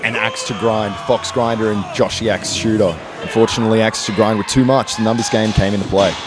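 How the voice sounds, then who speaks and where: A man hosting, recapping wrestling matches in a brisk announcer manner. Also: lowish voice, steady tone, crowd noise. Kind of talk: show recap narration. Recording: music underneath.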